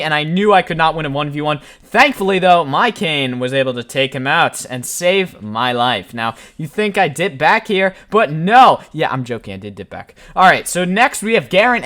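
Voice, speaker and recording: Lively young man narrating gameplay. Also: on the high side. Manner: casual, self-deprecating, joking. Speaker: gaming channel host. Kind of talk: gameplay voiceover commentary.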